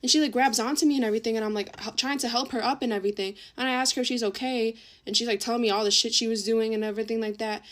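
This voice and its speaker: Brief: late-teen woman, casual storytime, fairly high voice, loose and profane. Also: fairly even intonation, very fast, hardly any pauses. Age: late teens. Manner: rambling, swears a lot, says "like" often. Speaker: TikTok storyteller.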